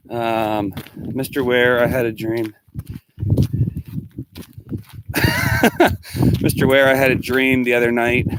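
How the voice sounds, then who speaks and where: A man's voice: medium pitch, background noise. A male teacher talking casually to his students, rambling as he answers their comments one by one.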